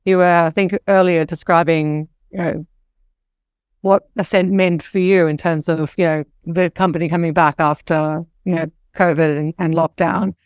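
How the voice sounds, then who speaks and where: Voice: medium pitch, steady tone, normal speed, clean tone, no echo, studio quality. An interviewer asking a long question hesitantly, with many fillers. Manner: hesitant, filler-heavy phrasing. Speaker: podcast interviewer.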